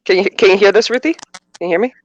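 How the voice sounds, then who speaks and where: A woman's voice: mid-range voice, rapid-fire, no room sound, highs cut off. A woman from Canada co-hosting a casual chat, telling stories with lots of stammered repeats. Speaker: podcast co-host.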